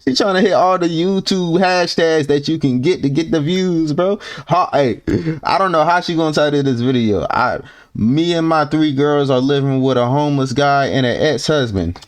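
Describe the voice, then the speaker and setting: A man's voice: a little high, moderate pace. A man hosting a reaction video, talking bluntly and casually, swearing and restarting his sentences as he riffs on clips.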